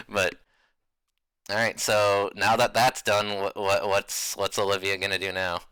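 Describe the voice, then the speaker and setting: A man's voice: fairly low pitch, unhurried, clear, resonant tone, no echo. Laid-back laughing male game master. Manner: laughs often, relaxed and chatty. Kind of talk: running a tabletop game.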